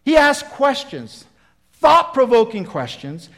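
A male preacher with a high-pitched voice delivers a folksy, conversational sermon. He acts out Bible dialogue with animated emphasis. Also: slow.

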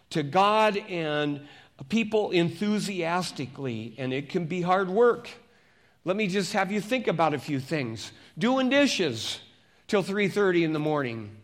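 A man preaching as a pastor, reading scripture slowly and turning to the congregation with conversational questions. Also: high voice, sing-song. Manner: reads scripture slowly and deliberately.

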